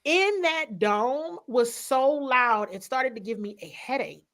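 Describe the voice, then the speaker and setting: A woman sports reporter chatting as a podcast guest, telling stories with lively quoted asides, in a casual style. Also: sits high, slow, a crowd in the background. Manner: animated storyteller, quotes people in voices.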